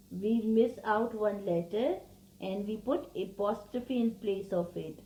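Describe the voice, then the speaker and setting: Slow, patient woman teacher in an echoey room. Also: mid-range voice, dark tone. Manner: slow, patient, repeats words for children. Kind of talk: classroom revision lesson.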